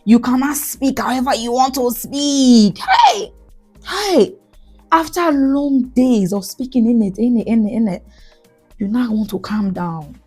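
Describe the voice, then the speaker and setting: A woman with a Nigerian accent, hosting a podcast and telling animated, laughing stories in a casual monologue. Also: on the high side, normal speed, breathy edge, soft background music. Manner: animated, laughing, slips into pidgin. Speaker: podcast host.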